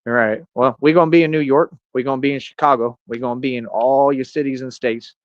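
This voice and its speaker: A man's voice: mid-range voice, fairly even intonation, quick pace, dry recording. Man, 30s, streamer, combative bragging rant, dull lo-fi dry audio. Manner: boastful, confrontational ranting. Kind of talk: rambling livestream monologue.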